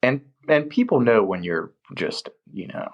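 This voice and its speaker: A man's voice: medium pitch, measured pace. A man, a film location manager, telling stories from work in a casual interview and acting out the people he quotes. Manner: animated storyteller, acts out quoted voices.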